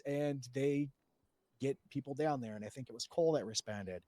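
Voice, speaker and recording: A man's voice: on the high side, expressive, brisk, a little mellow, no room sound. A man recounting a roleplay story to a panel, rambling with lots of fillers and restarts and swearing freely.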